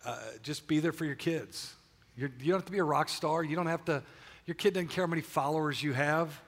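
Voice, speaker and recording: An older man, a pastor, shares a personal testimony from the pulpit of a large church, restarting his sentences frequently. He talks fairly quickly in a higher-leaning voice, with long church-hall reverb on the recording.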